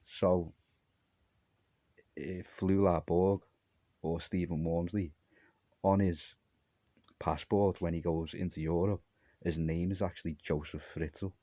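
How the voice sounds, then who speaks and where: A man's voice: low voice, steady tone, slow, pauses often, warm tone, no echo. A man from Armenia talking to camera in a rambling solo monologue, jumpy and disjointed, trailing off mid-thought. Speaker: vlogger.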